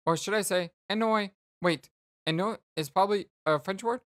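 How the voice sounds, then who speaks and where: A let's play host voicing a bubbly, chatty teenage girl who rambles excitedly, reading game dialogue aloud. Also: mid-range voice, normal speed, voice pushed up, close to an everyday voice. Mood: giddy.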